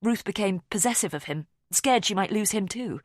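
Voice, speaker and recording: A woman's voice: medium pitch, lively intonation, moderate pace, dry recording, studio quality, voice pushed up, lightly acted. A woman reading an audiobook, voicing a brittle, defensive young woman. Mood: guarded.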